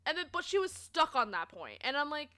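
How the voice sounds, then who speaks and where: A young woman streamer from Canada, casually telling stories to her chat, expressive and swearing freely. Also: sits high, fairly quick. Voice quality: expressive, swears, laughs often.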